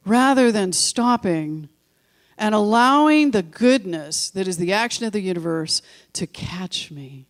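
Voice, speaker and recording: A woman's voice: medium pitch, lively intonation. Woman minister preaching a storytelling sermon. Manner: storytelling with slow, emphatic repetitions; conversational asides to the congregation. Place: church sanctuary.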